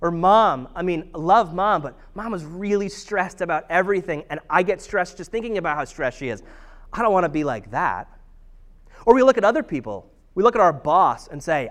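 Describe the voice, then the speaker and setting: A man's voice: high-pitched, expressive, moderate pace. A man in his thirties giving a conversational sermon, telling family stories with self-deprecating humor.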